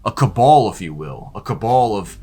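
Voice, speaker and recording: A man narrating a behind-the-scenes film in a deadpan, mock-ominous documentary style. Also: on the low side, moderate pace.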